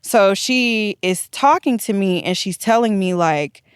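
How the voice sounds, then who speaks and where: A woman telling a long personal story in casual podcast chat, animated and acting out the dialogue. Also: medium pitch, unhurried, clear, resonant tone, no echo, clean studio sound.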